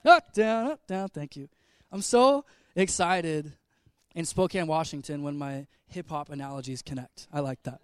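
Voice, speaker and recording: Lively young man preaching a sermon. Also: on the high side, moderate pace, no room sound, studio quality. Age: 20s. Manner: energetic, joking, conversational preaching. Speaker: pastor. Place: church.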